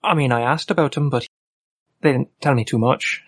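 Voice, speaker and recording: A man with an ordinary mid-pitched voice who plays a tabletop game and speaks in a hesitant, halting way. The recording is dry, with no room echo. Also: slightly rough. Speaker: player. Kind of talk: playing a tabletop game in character.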